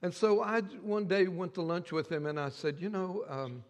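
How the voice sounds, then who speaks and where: Older pastor guy telling a story in his sermon, stumbles and repeats words, kinda high voice, echoing church hall. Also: normal speed.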